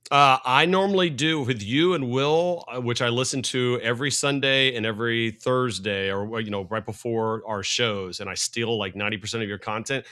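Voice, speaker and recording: A middle-aged man, a sports analyst guest, talking fast and rambling in casual podcast chat. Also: medium pitch, sharp tone, clear, resonant tone.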